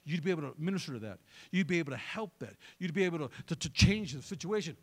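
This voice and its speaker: A man preaching a sermon in an animated way, throwing joking asides to the congregation. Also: a little high, quick pace. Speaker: pastor.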